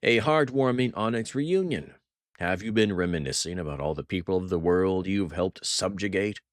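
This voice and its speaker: A man voicing a jovial, cruel male French crime boss who talks with theatrical mock warmth. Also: sits low, big pitch swings, moderate pace, no room sound, clean studio sound. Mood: gloating. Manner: mock-warm, theatrical, gloating.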